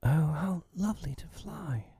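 A man voicing an eager, excitable young girl in a breathy, whispered role-play. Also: on the high side, unhurried, no room sound, studio quality, voice pushed up, exaggerated voice.

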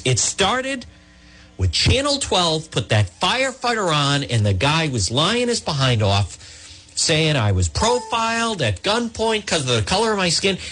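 A man's voice: high-pitched, fairly bright tone, husky. A middle-aged man hosting a talk radio show, ranting in an indignant, rambling way and repeating himself. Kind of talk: opinionated talk radio monologue, also streamed live.

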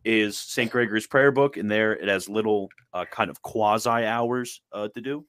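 Man, deep-ish voice, laid-back co-host, restarts often, dry mic. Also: fairly bright tone, no room sound. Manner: quick, laughing, stumbling restarts. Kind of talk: casual chat.

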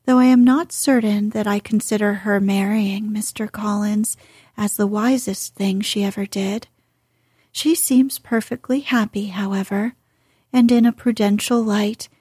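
A woman reading the lines of a spirited young woman with polite, quick-witted replies, in an audiobook. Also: medium pitch, warm tone, slightly rough, no echo, clean studio sound.

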